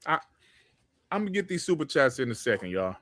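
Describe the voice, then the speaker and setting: A man hosting a gaming podcast livestream, ranting in a heated, profane and animated way. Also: medium pitch, fairly quick, dry recording. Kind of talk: livestream commentary rant.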